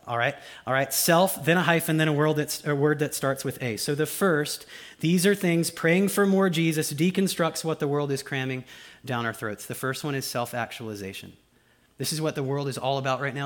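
A male pastor, preaching a conversational sermon and often asking "right?" and "y'all with me?". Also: medium pitch. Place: church.

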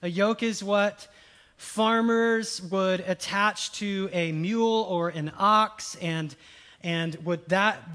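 A male pastor preaches in a loose, conversational way, talking straight to his listeners. His voice sits a little high for a man. He pushes some lines out loud and emphatic, then drops others to a soft hush. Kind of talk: sermon.

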